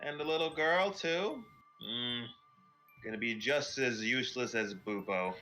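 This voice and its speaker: A man's voice: mid-range voice, lively intonation, measured pace, bright, forceful tone, faint music behind. A man putting on the voice of an impatient, scornful male dwarf in a tabletop game. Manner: scornful, grumbling.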